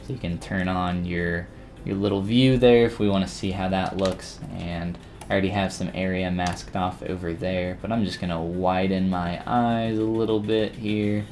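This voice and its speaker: A man casually chatting with viewers while he demonstrates 3D sculpting in a live-stream tutorial, relaxed and rambling with frequent restarts. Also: low-pitched, moderate pace, a little hiss or hum.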